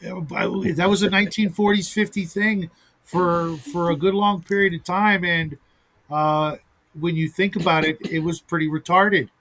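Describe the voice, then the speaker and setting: A man's voice: sits high, fairly even intonation, normal speed, fairly bright tone. Rambling man hosting a casual chat. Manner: rambling, with many restarts. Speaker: host.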